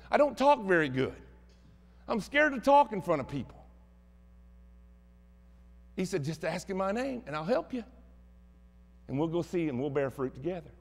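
A man with a Southern American accent preaches a sermon as pastor in a church sanctuary, telling stories in a folksy, plainspoken manner. His voice runs on the high side, with a big-room sound.

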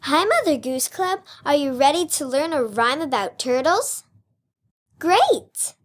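A young woman hosting a children's show, reciting a nursery rhyme in a bright, upbeat way. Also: sits high, expressive, normal speed.

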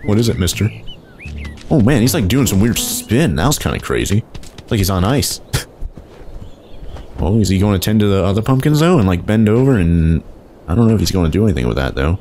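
A young man giving excitable, casual commentary while playing a video game, often exclaiming and laughing. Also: fairly low pitch, fairly quick, long pauses, soft background music. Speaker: let's play host.

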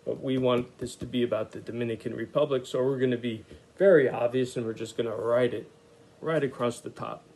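A man's voice: mid-range voice, a little fast. A man teaching an art lesson to children, talking through his lettering as he works and sounding out words for young readers in an easygoing, thinking-aloud way. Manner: relaxed, thinks aloud with frequent "uh" and "okay".

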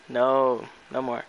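Young male streamer, slow drawl, exasperated casual game chat, faint noisy line. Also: medium pitch, pushed and bright. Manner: exasperated, pleading with chat to stop spamming. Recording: faint background noise.

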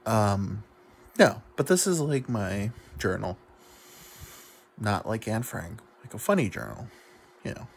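A man's voice: fairly low pitch, animated, unhurried, vocal fry, long pauses, a little hiss or hum. A drunk man rambling to the camera, self-deprecating and full of fillers. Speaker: YouTube comedian. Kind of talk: rambling confessional monologue to camera.

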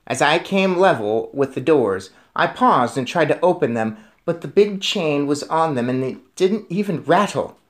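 A man reading a novel aloud, musing quickly before a chapter and then telling it in a steady, lively way. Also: fairly high pitch. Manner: musing aside between readings. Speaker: reader.

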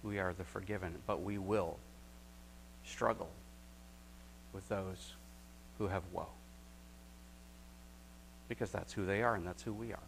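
A man preaching a sermon as pastor, moving between emphatic rising points and quiet, reflective stretches, closing in prayer. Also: low voice, takes it slowly, gravelly, pauses often, a little hiss or hum, rough recording.

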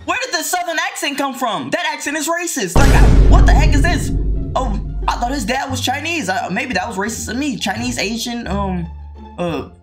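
Male reaction commentator, lively and loud, quick to exclaim and crack jokes. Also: very high voice, over loud music. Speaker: reaction video host.

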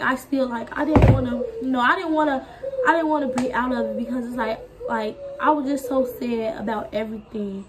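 Young woman, high-pitched, talkative, candid chat. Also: noisy background. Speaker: vlogger. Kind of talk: casual chat.

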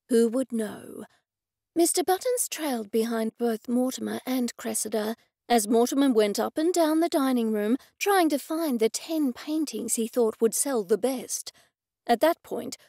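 A woman reading an audiobook in wry, even first-person storytelling. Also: a little high, vocal fry, dry recording, studio quality. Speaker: audiobook narrator. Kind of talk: scripted narration.

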